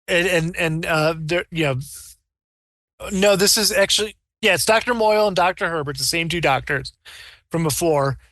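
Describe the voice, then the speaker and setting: A man narrating as game master of a tabletop game, rambling and animated, slipping into character voices. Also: high voice, no room sound, studio quality.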